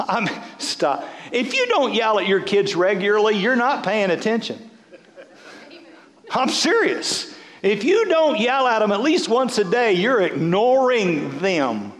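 Animated joking preacher man, echoing hall. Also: high voice, a little slow. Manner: animated, joking preacher with laughs and repeated restarts. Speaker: pastor. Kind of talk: sermon.

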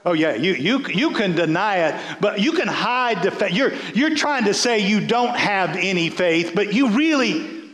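A man's voice: high-pitched, big pitch swings, unhurried, fairly bright tone, roomy sound. A man, a bishop, preaching a folksy sermon, repeating words as he builds.

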